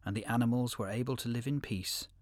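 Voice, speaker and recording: A man narrating an animal fable in an expressive storybook reading. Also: mid-range voice, fast, no room sound, studio quality.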